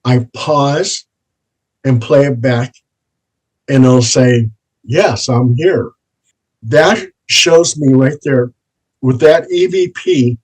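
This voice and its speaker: Husky male paranormal investigator, unhurried anecdotal delivery in an interview. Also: medium pitch, poor audio. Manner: slow, plain anecdotal telling, repeats set phrases. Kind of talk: interview storytelling.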